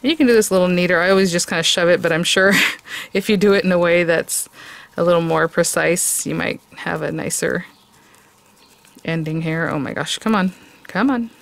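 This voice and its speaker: A woman's voice: fairly low pitch, a little fast, vocal fry. Chatty woman crafting, thinking aloud. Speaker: craft video host. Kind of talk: casual crafting tutorial.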